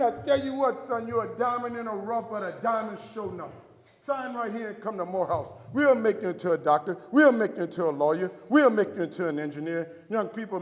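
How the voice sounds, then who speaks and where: High-voiced New man preaching. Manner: storytelling, acts out dialogue, preaching cadence. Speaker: motivational speaker. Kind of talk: inspirational keynote speech. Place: large hall before a live audience. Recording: echoey hall from far off.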